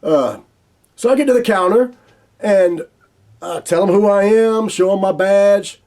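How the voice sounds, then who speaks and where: A man with a Southern US accent telling a long personal story as host, animated and laughing often as he acts out the dialogue. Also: high-pitched, measured pace. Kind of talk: casual spoken storytelling.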